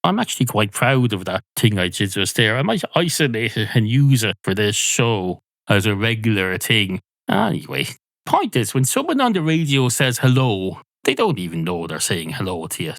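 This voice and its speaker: A man's voice: lowish voice, big pitch swings, normal speed, fairly bright tone, dry recording. A middle-aged Irish man hosting a podcast alone, rambling through a sardonic comic monologue. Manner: sardonic, rambling, puts on mock radio voices. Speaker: podcast host.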